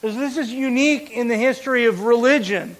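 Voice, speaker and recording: A man preaching a sermon as pastor, explaining a verse with deliberate, emphatic repetition. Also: very high-pitched, rough recording.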